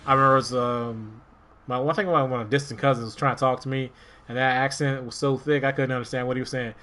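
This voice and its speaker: A man's voice: mid-range voice, quick pace. A man from Maryland streaming a game, chatting casually and rambling to himself as he plays. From Maryland, USA. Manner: rambling, relaxed, talks to himself while playing. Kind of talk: casual gameplay commentary.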